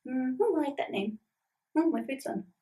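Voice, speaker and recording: Woman doing a high, fussy picky eater. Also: lively intonation, normal speed, warm tone. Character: fussy picky character nibbling food.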